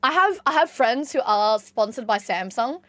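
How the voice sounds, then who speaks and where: A young woman chatting casually with her live-stream chat, excitable, jumping between squeals and low mutters. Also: moderate pace, no room sound. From Australia.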